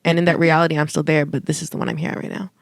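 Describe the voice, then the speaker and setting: Gravelly young woman musing casually. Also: low voice, little pitch movement, very fast, no room sound, clean studio sound. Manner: musing, laughs often. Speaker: podcast co-host. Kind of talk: casual chat.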